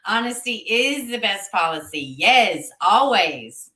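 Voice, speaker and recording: A woman's voice: mid-range voice, big pitch swings, slow, sharp tone, roomy sound. A woman hosting a casual livestream, chatting with viewers, reading their comments aloud and laughing often. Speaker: livestream host reading chat.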